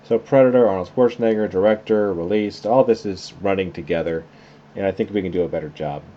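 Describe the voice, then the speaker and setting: Working through a software tutorial for a class, a man talks casually and thinks out loud as he clicks, in a low, brisk voice. The screen recording sounds slightly dull and lo-fi, with some faint noise.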